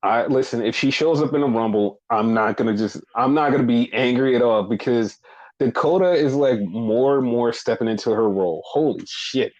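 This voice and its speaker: A man casually recapping a wrestling show, talking in an animated, profane way. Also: normal speed, dull audio. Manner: animated, profane, acts out quotes in high voices. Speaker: podcast co-host.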